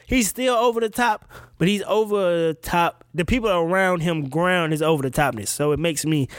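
A male podcast host talking casually, his voice sitting a little higher than most men's. He rants in an animated, profane way and often laughs. The sound is dry and close, with no room echo.

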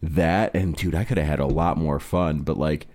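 A man's voice: extremely low pitch, steady tone, normal speed, darkish tone. A man co-hosting a podcast, telling rambling, profane stories in casual chat. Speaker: podcast co-host.

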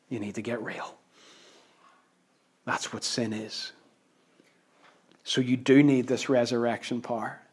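A man preaching a sermon with emphatic, dynamic delivery that swings between loud declarations and hushed asides, conversational and lightly humorous. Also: mid-range voice.

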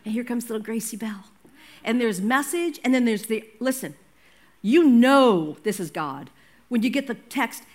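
High-voiced older woman pastor preaching. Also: normal speed. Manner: animated, conversational preaching with storytelling asides. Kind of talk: sermon.

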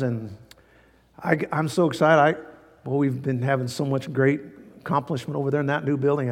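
A man's voice: medium pitch, a little mellow, in a large hall. A male pastor preaching a sermon in a folksy, fervent way, repeating key phrases for emphasis.

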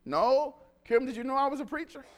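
A man preaching a lively sermon, telling stories and calling the congregation to respond. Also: very high voice, brisk. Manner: animated, call-and-response with congregation.

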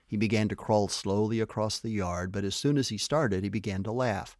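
A man reading aloud a children's story as the storyteller, in an animated storytelling manner. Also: on the low side, fairly quick, few pauses, dry recording, studio quality.

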